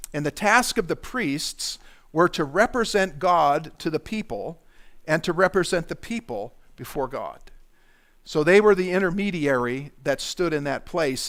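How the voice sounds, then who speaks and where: A middle-aged man preaches in a slightly raised register. He talks to the congregation conversationally, with asides and self-corrections. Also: a little high. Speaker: pastor. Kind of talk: sermon.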